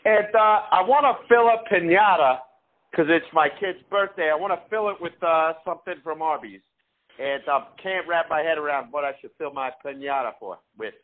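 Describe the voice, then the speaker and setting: A man's voice: a little high, moderate pace. Rambling man on a tinny phone line. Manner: rambling and hesitant, full of fillers. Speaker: prank caller. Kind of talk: phone prank call.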